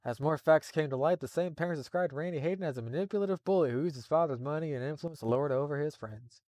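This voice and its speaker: A man's voice: a little high, fast talker, a little mellow, dry recording. A man reading a horror story live, breaking off for exasperated, profane asides. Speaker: streamer reading creepypasta.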